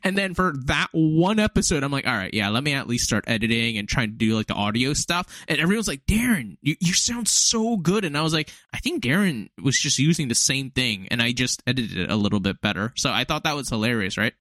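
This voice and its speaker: A man's voice: medium pitch, big pitch swings, quick pace, few pauses, a bit bright, dry recording. A man hosting a casual podcast chat, rambling with lots of fillers and frequent laughs. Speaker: podcast host and league commissioner.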